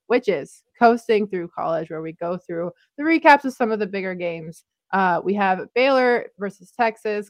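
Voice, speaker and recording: A woman's voice: on the low side, no room sound. A woman in her twenties co-hosting a casual sports podcast, upbeat and chatty, laughing easily. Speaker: podcast co-host.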